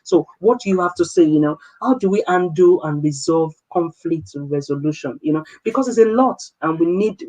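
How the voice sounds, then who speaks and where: A man's voice: high voice, rough recording. Filler-heavy male show host. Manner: warm thanks, filler-heavy questions. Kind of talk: interview hosting.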